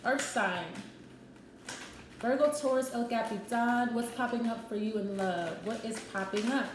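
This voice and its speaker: A woman's voice: fairly high pitch, a little slow. A woman giving a casual tarot love reading, chatty and repetitive, with frank, profane asides. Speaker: tarot reader. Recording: echoey room with faint noise.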